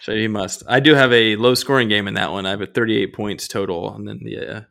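A man co-hosting a casual podcast, talking in a relaxed, teasing way with fillers. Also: on the low side, a little fast, vocal fry. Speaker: podcast co-host. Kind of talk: casual sports and movie chat.

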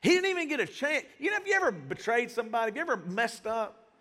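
Animated, high-voiced male preacher. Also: quick pace. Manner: casual, slangy, animated preaching. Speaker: pastor. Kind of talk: sermon. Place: church sanctuary. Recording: reverberant church hall.

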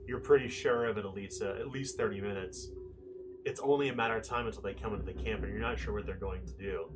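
A man's voice: lowish voice, fairly even intonation, fast, noisy background. A man narrating a tabletop game as game master, describing scenes vividly.

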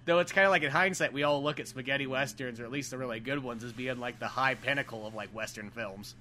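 Fast, bright-voiced man gushing about films. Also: mid-range voice, a little hiss or hum. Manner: fast, filler-heavy, full of "like". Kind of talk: casual movie chat.

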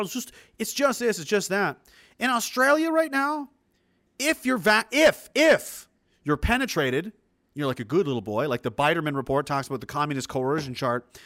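A man delivering a heated, profane monologue of political commentary, emphatic and fast to anger. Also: high voice, a bit bright, dry recording, studio quality. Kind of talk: ranting monologue.

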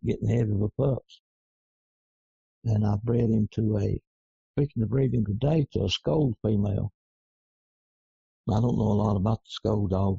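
A man, a coonhound breeder talking slowly and rambling in folksy dialect in a casual interview. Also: on the low side, gravelly, mellow, slightly rough, no room sound, muffled recording. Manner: slow, rambling, folksy Southern dialect grammar.

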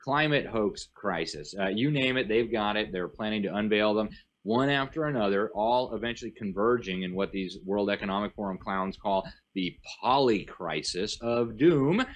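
A man's voice: on the low side, lively intonation, moderate pace, dull audio. A man speaking as a guest commentator in an interview, emphatic and rattling off long lists. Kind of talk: animated interview talk.

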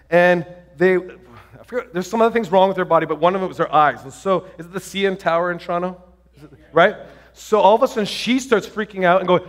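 Excited storytelling fills this male pastor's sermon, with plenty of fillers and restarts. He speaks in a high-pitched voice.

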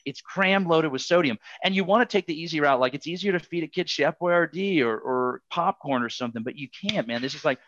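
Bright-voiced rambling male podcast guest. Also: fairly high pitch, fast talker, hardly any pauses, no echo, dull audio. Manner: rambling, filler-heavy storytelling. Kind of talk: casual podcast chat.

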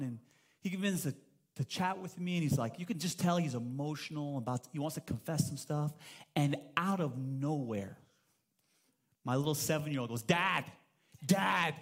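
A man in his thirties preaching a sermon as pastor at a church service, telling stories with playful acted-out voices and humor. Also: on the high side.

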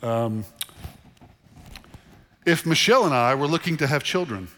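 Male pastor, middle-aged, mid-pitched, chatty and emphatic sermon delivery, long hall reverb. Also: a little slow. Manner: animated, conversational preaching with repeated phrases. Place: church sanctuary. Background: congregation in the room.

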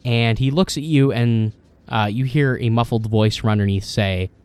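A man runs a tabletop game, narrating scenes in detail. He pauses often and fills gaps with ums and uhs. His voice sits at an ordinary middle pitch. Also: a little mellow, smooth. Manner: descriptive, many fillers. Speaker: game master.

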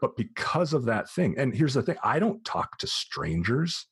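A man's voice: mid-range voice, normal speed, breathy edge, dry recording, clean studio sound. An American man in his forties, hosting a podcast and telling a personal story in a casual chat, acting out the voices of the people in it. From United States. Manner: animated storyteller who acts out quoted voices. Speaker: podcast host.

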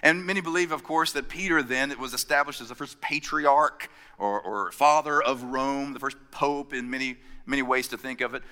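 Man, sermon, bright forceful voice, animated retelling, hushed asides, reverberant hall. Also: mid-range voice, normal speed, hardly any pauses. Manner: storytelling with acted-out quotes, swinging from loud to hushed. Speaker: pastor.

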